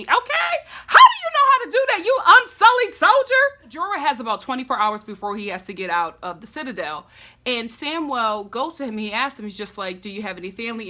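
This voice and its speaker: A woman giving a casual, animated and sassy recap of a TV episode, full of dramatic reactions. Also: on the high side. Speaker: recap vlogger.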